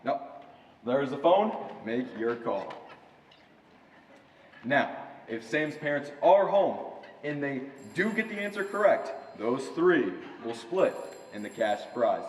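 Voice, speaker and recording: A smug, teasing game show host, played by a young man on a school stage, talking slowly and milking every pause. His voice carries from far back in a big echoey auditorium, with long reverb and a faint hiss underneath. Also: mid-range voice, big pitch swings. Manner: teasing, showy announcer delivery. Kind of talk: school stage play acting. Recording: echoey hall, distant stage mic, faint noise.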